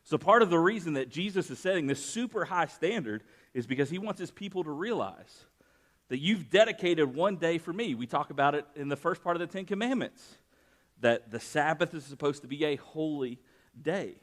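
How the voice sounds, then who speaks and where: Guy preaching, kinda high voice, chatty sermon w/ stories, gets loud on the big points. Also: animated, normal speed. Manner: conversational preaching with personal anecdotes, rising for emphasis. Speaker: pastor.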